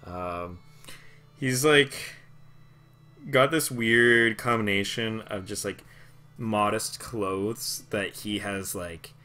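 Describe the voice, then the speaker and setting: A man's voice: lowish voice, slow, pushed and bright, soft background music. A man narrating a tabletop game as game master, in a casual, rambling way. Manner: casual and rambling, many fillers.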